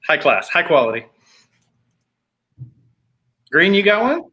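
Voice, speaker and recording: A man's voice: on the high side, big pitch swings, slow, sharp tone, breathy edge. A man co-hosting a live podcast, playful and teasing. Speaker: podcast co-host.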